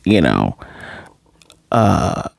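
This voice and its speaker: A man's voice: deep voice, sing-song, extremely slow, vocal fry, dry recording, studio quality. A man casually reviewing an anime episode, loose and rambling, with a few curse words. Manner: loose, rambling, profane, lots of fillers.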